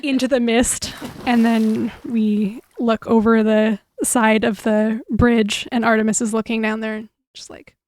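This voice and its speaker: A woman player narrating a game scene in quick, casual storytelling. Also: fairly high pitch, flat delivery, darkish tone.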